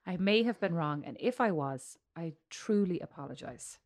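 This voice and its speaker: Rambling Irish woman co-host, lowish voice. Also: expressive, normal speed, darkish tone. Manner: teasing, rambling, laughs often. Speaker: podcast co-host. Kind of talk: casual chat.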